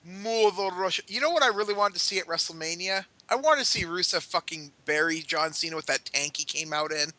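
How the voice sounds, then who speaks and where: Ranting bright-voiced podcast man. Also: a little high, quick pace, few pauses, poor audio. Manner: ranting, profane, laughs a lot. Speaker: podcast co-host. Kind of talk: casual chat.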